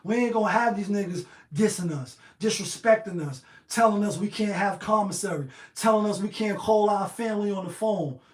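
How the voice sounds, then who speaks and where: A man's voice: sits high, brisk, hardly any pauses. A man hosting a livestream, delivering a profane, fiery monologue. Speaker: livestream host. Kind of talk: heated monologue. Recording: echoey room.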